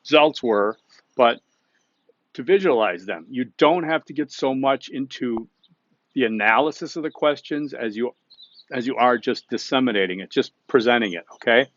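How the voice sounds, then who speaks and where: A man's voice: mid-range voice, moderate pace, a bit bright, no room sound. Casual male instructor, dull dry recording. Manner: conversational, frequent "okay?" check-ins and restarts. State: hiccups.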